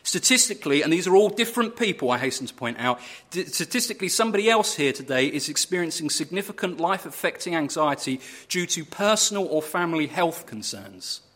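A man preaching a sermon in a church, earnest and measured, building his points through steady repetition. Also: on the high side.

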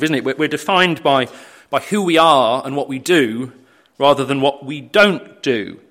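A man's voice: medium pitch, a bit bright. A man preaching a sermon, earnest, with frequent fillers and tag questions like "isn't it". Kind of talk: sermon on a Bible passage.

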